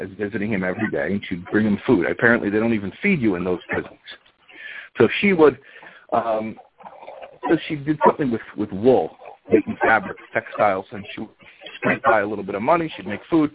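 Casual male storyteller, lowish voice, chatty asides, lo-fi sound. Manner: chatty, with fillers and asides to listeners.

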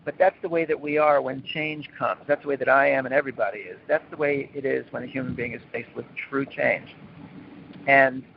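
A man's voice: medium pitch, fairly even intonation, a little fast, creaky, a little hiss or hum. A man giving an informal spiritual talk as a support mentor, rambling with fillers and acting out the people he quotes with dramatic flair. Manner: rambling with many fillers and restarts. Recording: tinny phone-like line.

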